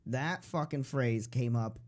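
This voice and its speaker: A man hosting a casual podcast with friends, loose and animated, swearing freely. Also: mid-range voice, unhurried. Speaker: podcast host. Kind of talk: casual chat.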